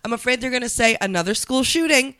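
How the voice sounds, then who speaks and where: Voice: medium pitch, animated, fast, pushed and bright, smooth. A speaker in casual podcast chat who rambles, swears and acts out other people's words.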